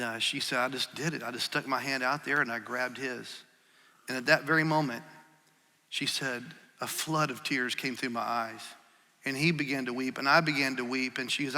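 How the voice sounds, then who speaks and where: A middle-aged man preaching a sermon, telling stories in a conversational way with many small pauses, dropping soft for quotes and swelling louder when stirred. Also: medium pitch. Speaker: pastor. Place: church sanctuary. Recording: long church hall reverb.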